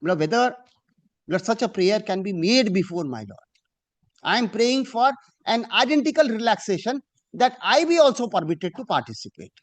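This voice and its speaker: High-pitched man arguing in court. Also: animated. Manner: deferential, addressing the bench as "my lord" again and again; slow and emphatic when reading out judgments. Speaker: advocate arguing before a judge. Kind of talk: formal courtroom argument.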